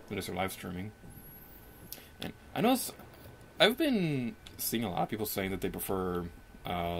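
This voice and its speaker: Chatty young man with excitable pitch jumps. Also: a little hiss or hum. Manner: chatty and self-mocking, with quick pitch jumps when excited. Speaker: let's play commentator. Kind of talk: casual gameplay commentary. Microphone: desk microphone.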